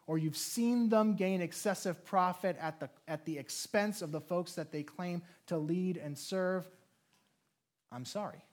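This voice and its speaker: A man preaching a sermon as a pastor, earnest and measured, slowing down to lean on key phrases. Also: high voice.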